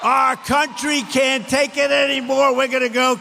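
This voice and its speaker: An older man giving an emphatic, repetitive campaign rally speech that rises to shouted lines. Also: very high voice, level tone, moderate pace, creaky, hardly any pauses, soft background music. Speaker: political speaker at a rally. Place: large indoor rally venue. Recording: echoey hall, faint crowd ambience.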